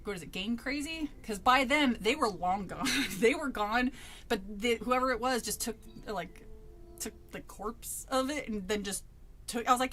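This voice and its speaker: A woman's voice: mid-range voice, normal speed, a bit bright. A woman streamer casually telling a personal story, laughing often and swearing freely.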